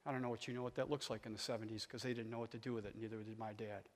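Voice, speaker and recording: A man in his sixties preaching a sermon as a guest speaker, telling stories and calling on the audience, swinging from quiet talk to shouting. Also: lowish voice, little pitch movement, very fast. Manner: storytelling, calls on the audience. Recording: long hall reverb.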